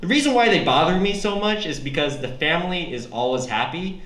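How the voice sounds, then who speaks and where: A young male comic on a club stage, his voice high and swinging widely in pitch. He talks in a loose, rambling way, picked up by a stage microphone. The room rings with echo and the crowd is loud. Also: expressive, fairly quick. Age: young adult. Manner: loose, rambling delivery that breaks into shrieking character voices. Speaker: stand-up comic. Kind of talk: open mic stand-up set. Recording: echoey room with loud audience.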